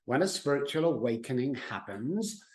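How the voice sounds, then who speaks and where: A middle-aged man, an addiction expert, speaking as a podcast guest in an emphatic, animated way, acting out quotes as he explains. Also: medium pitch, moderate pace. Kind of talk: conversational podcast interview.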